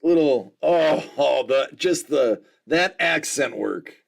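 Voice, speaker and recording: A man hosting a collectibles live stream, chatting casually and reacting with loud exclamations and laughs. His voice sits a bit high and swings widely in pitch, with a gravelly edge. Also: slow pace, few pauses. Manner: animated and exclamatory, laughs often.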